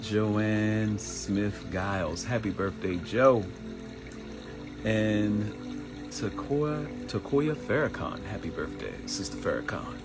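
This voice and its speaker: Man from Baltimore, low voice, middle-aged, live-stream host, animated and chatty, music playing behind. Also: takes it slowly. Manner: animated, greets viewers by name, jokes and laughs. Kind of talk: live-stream casual chat.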